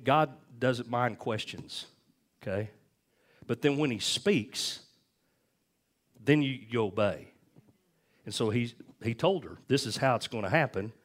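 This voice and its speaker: A man delivers a sermon, his fairly low voice carrying an easy, conversational preaching style. He tells stories and keeps checking in with the congregation with "amen?" and "okay?". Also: a bit bright. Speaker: pastor.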